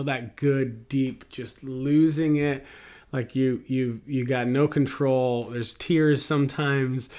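Slow, reflective male pastor preaching. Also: medium pitch. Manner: slow, reflective delivery with storytelling asides and rhetorical questions. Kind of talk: sermon.

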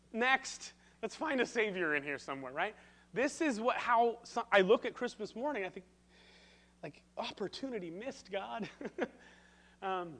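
High-voiced man preaching with self-deprecating humor. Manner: self-deprecating, animated storyteller. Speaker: pastor. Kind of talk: sermon with humorous storytelling.

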